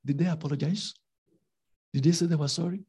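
A man preaching a sermon with emphatic rhetorical questions, swinging between loud and soft delivery. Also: a little high, fairly even intonation, fairly quick, slightly rough.

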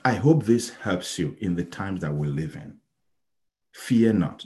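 A man from Nigeria preaching a sermon, telling a story with sudden loud exclaims and soft pleading passages. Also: low-pitched, animated, unhurried.

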